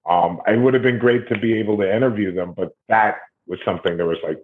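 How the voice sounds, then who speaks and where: This man, a guest musician from Ohio, USA, talks fast in a lowish voice, spinning loose, rambling stories in a casual interview. The sound comes through a tinny, phone-like line.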